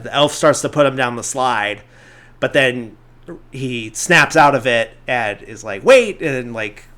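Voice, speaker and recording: A man's voice: mid-range voice, pushed and bright. Casual man rambling through a recap. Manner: rambling, filler-heavy retelling with lots of "like"; briefly acts out characters' lines in the retelling. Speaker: podcast host.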